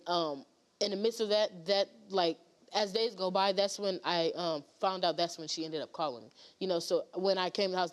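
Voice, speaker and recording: A woman guest on a talk show, telling a painful story in a rambling way with many fillers and restarts. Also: on the low side.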